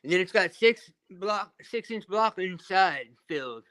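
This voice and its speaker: A man's voice: high-pitched, animated, a little slow, pushed and bright, no echo. A man chatting casually on a live video call panel, rambling as he shows off things he built. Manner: rambling, shows off his stonework and builds. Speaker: panel guest.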